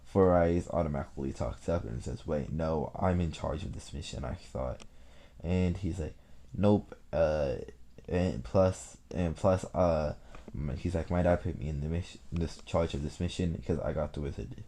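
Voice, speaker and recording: A young man casually retelling a fan-made story, rambling and halting with many fillers and restarts. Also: rumbling low, mellow, slight background noise.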